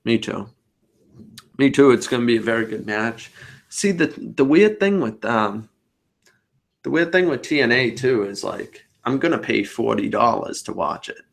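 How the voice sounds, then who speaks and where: A man's voice: medium pitch, lively intonation, moderate pace, vocal fry. A man hosting a podcast over a video call, talking casually and at length in a rambling way. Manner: rambling, talkative. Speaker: podcast host.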